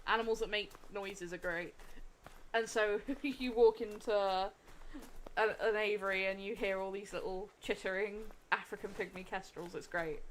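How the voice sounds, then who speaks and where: Giggly and effusive, a young woman rambles through casual chat while livestreaming her gameplay. She has a somewhat bright, mid-range voice, and the audio carries a slight background noise.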